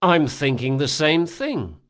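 A sharp-tongued thief, as a male narrator puts him on, menacing and sarcastic, swearing freely. His voice sits higher and louder than the narration, with a lively, hissing edge. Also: takes it slowly. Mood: sardonic.

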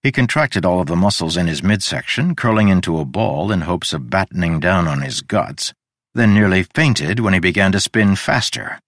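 Male audiobook narrator with a low, gravelly voice and expressive delivery. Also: normal speed, no echo, studio quality. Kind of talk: scripted fantasy narration.

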